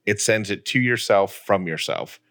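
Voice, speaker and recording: A man with a low, bright, clear-edged voice co-hosts a relaxed chat show. He talks casually and slips in dry jokes. His delivery stays easygoing and conversational. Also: moderate pace. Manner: dry, joking. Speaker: podcast co-host.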